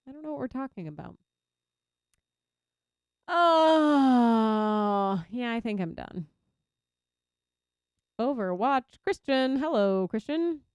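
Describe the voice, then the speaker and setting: A young Texan woman streaming a game and chatting casually, reacting loudly to her viewers. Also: on the high side, big pitch swings, moderate pace, pauses often, smooth, dry recording, clean studio sound. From Texas. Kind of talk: casual chat while gaming.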